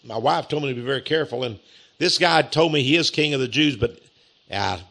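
A man's voice: a little fast, gravelly, pushed and bright. A man voicing a wary Roman governor who hesitates and stammers, within a sermon's storytelling. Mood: scornful pity. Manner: hesitant, stammering, muttering low.

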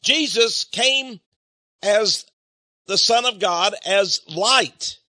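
Animated older male preacher, bright voice. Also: high-pitched, very slow, no echo, clean studio sound. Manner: animated, acts out quoted speakers, swings loud and soft. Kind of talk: sermon.

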